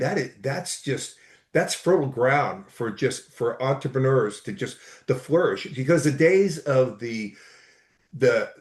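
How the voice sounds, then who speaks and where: A man's voice: fairly high pitch, a little mellow. Eager rambling man, roomy echo. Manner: enthusiastic, rambling with restarts. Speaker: podcast guest, entrepreneur. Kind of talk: casual storytelling chat. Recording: echoey room.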